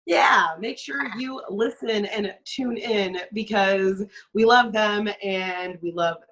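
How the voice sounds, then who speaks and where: A woman's voice: mid-range voice, takes it slowly, fairly bright tone, rough recording. A woman co-hosting a streamed storytelling show, chatting loosely and laughing easily. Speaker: show host. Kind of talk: casual chat on a streamed show.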